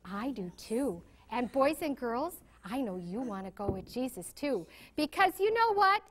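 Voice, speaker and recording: A woman reading a picture story aloud to young children, animated and full of questions to her listeners. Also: fairly high pitch, a little slow, a little hiss or hum. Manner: animated, asks children questions, gasps for suspense.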